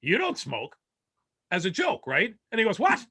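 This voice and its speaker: A man's voice: sits high, huge pitch swings, moderate pace, sharp tone, husky, no echo. A man from Canada telling a comic family story over a video call, rambling along with stammered restarts and laughing at his own jokes. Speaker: comedian.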